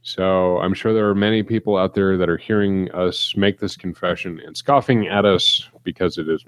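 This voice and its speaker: A man with a low, deep voice tells a story on a casual podcast. He acts out the lines of the people in it. His voice is close and dry, with no room sound. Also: moderate pace, hardly any pauses, no echo. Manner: animated storyteller, acts out quotes. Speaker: podcast co-host. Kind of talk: casual chat.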